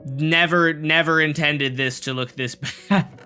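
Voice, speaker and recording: A man's voice: a little high, steady tone, a little slow, bright, forceful tone, faint music behind. A young man casually chatting and joking with his live-stream chat while building in a block game, rambling and goofy.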